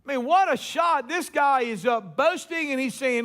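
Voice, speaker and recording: Male pastor, very high voice, storytelling sermon with animated quoted lines. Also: normal speed. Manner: storytelling preacher, acts out quotes with rising emphasis.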